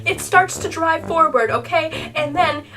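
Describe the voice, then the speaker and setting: High-voiced young woman telling a story. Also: measured pace, recorded from a distance. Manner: exasperated, animated storytelling with frequent "okay?". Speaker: YouTuber. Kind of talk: storytime vlog.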